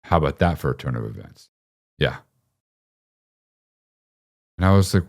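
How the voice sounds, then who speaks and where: Very deep-voiced man telling a profane story. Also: animated, moderate pace, pauses often, darkish tone. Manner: profane, rambling, self-mocking, laughs often. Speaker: live stream host telling a story. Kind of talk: casual storytelling to live chat.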